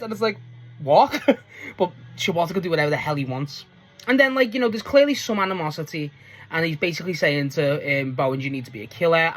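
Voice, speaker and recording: A man giving a casual, rambling solo review recap, full of likes and ums, casual swearing, and bursts of pitch when he acts out quotes. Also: fairly bright tone. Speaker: show reviewer.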